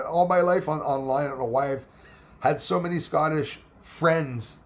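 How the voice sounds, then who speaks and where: Hosting a casual live chat, a man rambles along, reading viewers' comments aloud and thanking them by name. His voice is a little high and unhurried.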